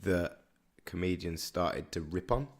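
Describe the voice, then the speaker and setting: A man's voice: low voice, measured pace. A young man with a Birmingham accent, co-hosting a casual podcast chat, rambling and hesitant with many restarts. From Birmingham, England. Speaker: podcast co-host.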